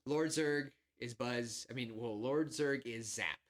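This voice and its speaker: A man with a drawl co-hosts a casual podcast. He rambles, gets excitable and acts out scenes as he talks. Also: mid-range voice, slow. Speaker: podcast co-host. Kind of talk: casual chat.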